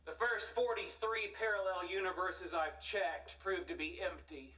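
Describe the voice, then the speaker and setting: A man's voice: high voice, steady tone, unhurried, bright, forceful tone, far from the mic, lo-fi sound. An actor playing a pedantic male physicist who speaks in a precise, clipped manner.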